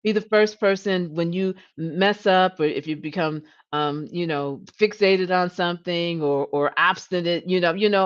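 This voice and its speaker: A woman's voice: on the low side, moderate pace, hardly any pauses, lo-fi sound. A woman coach hosting a live-streamed coaching talk, earnest, often repeating words and saying "you know". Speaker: leadership coach and host.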